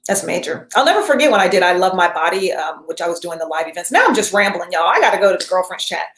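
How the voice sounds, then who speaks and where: A woman's voice: on the low side, very animated, a bit bright. Woman coach, casual and rambling, live stream, roomy echo. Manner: chatty and rambling, reads viewer names, acts out quick voices. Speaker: self-care and business coach.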